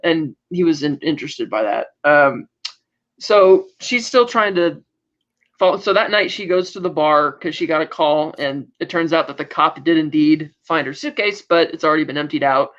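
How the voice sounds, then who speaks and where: A man's voice: fairly high pitch, normal speed, a bit bright. A man co-hosting a podcast, recapping an episode in casual chat, rambling with lots of "like" and restarts. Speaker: podcast co-host. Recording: dull lo-fi recording.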